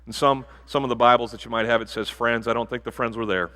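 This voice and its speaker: A pastor giving a sermon in a church, animated and jokey, with bursts of loud emphasis. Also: male voice, mid-range voice, fast. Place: church sanctuary.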